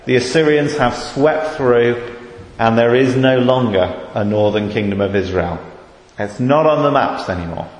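Slow, measured British preacher in echoey hall. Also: male voice, mid-range voice. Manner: measured, rising to fervent emphasis on key words. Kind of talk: sermon. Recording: echoey hall with long reverb.

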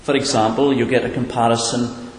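A man's voice: mid-range voice, level tone, a little fast, a little hiss or hum. A man preaching a sermon in an earnest, questioning way, sometimes repeating a word as he searches for the next, heard in an echoing hall. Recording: echoey hall, far from the mic.

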